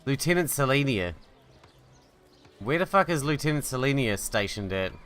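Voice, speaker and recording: A man's voice: mid-range voice, lively intonation, normal speed, a bit bright, smooth, faint music behind. A man giving casual, profane, joking commentary while playing a video game. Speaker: gaming channel host.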